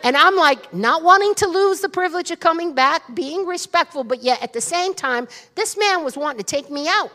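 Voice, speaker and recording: A woman pastor tells a story in a sermon, animated and dramatic, and talks straight to the congregation. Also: extremely high pitch, normal speed, few pauses. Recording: long reverb of a large hall.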